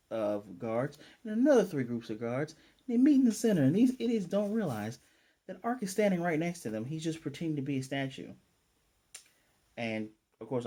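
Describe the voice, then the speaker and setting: A reviewer with a mid-range voice gives a casual, animated recap of an anime episode, acting out the characters' lines as he goes.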